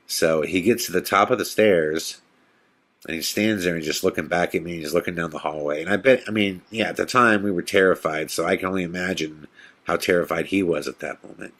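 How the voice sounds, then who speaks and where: A man hosting a podcast, telling a tense personal story in a casual, animated way and acting out the quotes. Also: fairly quick. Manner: animated storyteller, acts out quotes in a whisper and excited high voice. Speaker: podcast host.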